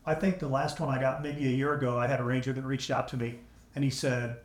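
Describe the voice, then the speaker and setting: A man guest on a podcast, telling his memories as a veteran at a measured pace with dry humor. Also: mid-range voice, flat delivery. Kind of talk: conversational storytelling. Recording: echoey, AI-restored audio.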